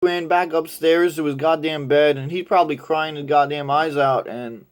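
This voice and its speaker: A young man tells a story in a loose, rambling way, swearing freely. His voice sits fairly high for a man. He gets animated whenever he imitates the people in the story. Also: moderate pace. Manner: crude, rambling, animated when quoting others. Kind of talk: casual storytelling.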